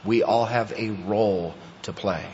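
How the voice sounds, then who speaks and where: A man's voice: fairly low pitch, a little slow, darkish tone, a little hiss or hum. Preaching man in an echoey church. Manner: preaching, rising to emphatic intensity. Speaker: pastor. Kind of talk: sermon. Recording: echoey hall, dull lo-fi sound.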